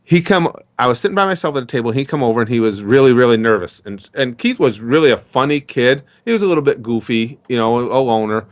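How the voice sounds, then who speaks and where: A man's voice: mid-range voice, expressive, fast, hardly any pauses. A middle-aged man talking in a casual interview, telling rambling stories and acting out the dialogue. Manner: chatty, rambling storyteller who acts out dialogue. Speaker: interview guest.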